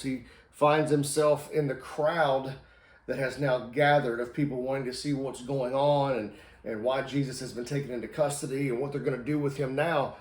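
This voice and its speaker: A man's voice: medium pitch, darkish tone. A man giving an earnest sermon, telling a story, acting out the quoted lines and repeating phrases for emphasis. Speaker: preacher. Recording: roomy echo.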